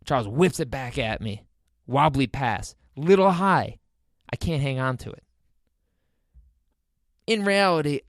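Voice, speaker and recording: A man hosting a podcast, telling a comic personal story in an animated, incredulous, self-mocking way. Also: medium pitch, no echo, clean studio sound. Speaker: podcast host.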